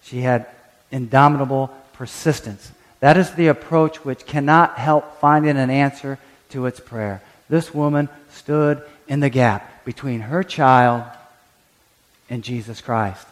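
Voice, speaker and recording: A man's voice: mid-range voice, unhurried, long reverb tail. A man preaching a sermon as pastor, acting out quoted prayers and often restarting his words. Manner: animated, acts out quoted prayers and voices; frequent stammered restarts.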